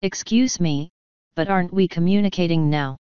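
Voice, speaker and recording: A woman's voice: on the low side, moderate pace, mellow, clean tone, dry recording, highs cut off, close to an everyday voice. A woman voicing a nervous, cowardly male wizard, asking flustered questions in a storybook reading.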